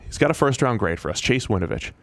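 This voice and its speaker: Gravelly man talking football picks. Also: mid-range voice, very animated, noisy background. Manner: quick, chatty, self-correcting. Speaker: podcast analyst. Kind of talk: casual sports podcast chat.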